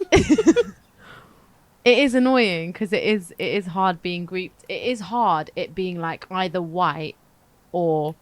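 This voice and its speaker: A young woman, co-hosting a podcast and chatting in an animated, slangy, emphatic way. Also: lowish voice, a little slow, no echo. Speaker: podcast co-host. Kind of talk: casual chat.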